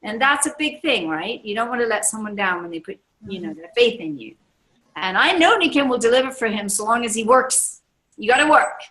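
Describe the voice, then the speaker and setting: A woman in her sixties, a network marketing leader, gives a motivational seminar talk to a live audience, enthusiastic and emphatic and often repeating her key phrases. Her fairly high voice is sing-song, brisk, bright and forceful. The recording is rough.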